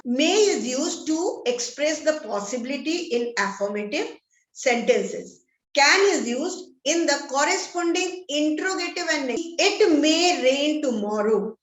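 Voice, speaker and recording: A woman with an Indian English accent teaching a grammar lesson, speaking deliberately and reading example sentences aloud with stress. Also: high-pitched, fairly bright tone. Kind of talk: classroom-style grammar lesson. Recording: echoey room.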